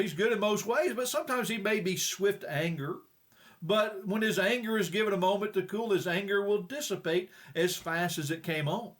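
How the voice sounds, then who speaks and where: A man's voice: high voice, a bit bright. A male preacher giving a folksy, plain-spoken sermon with frequent hesitations.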